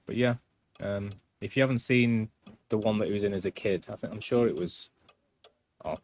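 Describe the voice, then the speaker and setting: A man's voice: fairly low pitch, moderate pace, a little mellow, slight background noise. A man doing casual gameplay commentary on a live stream, rambling and self-deprecating as he chats.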